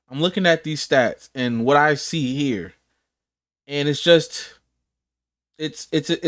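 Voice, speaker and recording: A man's voice: fairly high pitch, fairly bright tone, dry recording, clean studio sound. A man doing a sports reaction rant, rattling off stats with whoops and rhetorical questions.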